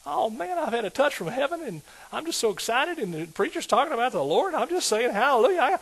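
A man voicing an excited newcomer at church who just got saved, exclaiming in a high, breathless voice. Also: fast, breathy edge, exaggerated voice, rough recording. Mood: elated. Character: overjoyed newly saved man, loud and giddy.

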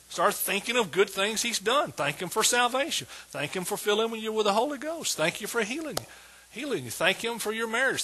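A pastor with a husky, bright-edged tenor delivers an emphatic sermon. He drives his points home word by word, his voice rising slightly above the usual male range as he builds toward praise. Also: sits high. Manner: emphatic preaching, repeats words with rising intensity.

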